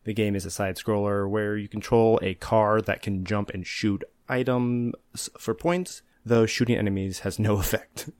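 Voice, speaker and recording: A man co-hosting a casual podcast, relaxed and explanatory, chuckling now and then. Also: on the low side, moderate pace, hardly any pauses, clean tone, no echo. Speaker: podcast co-host. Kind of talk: casual chat.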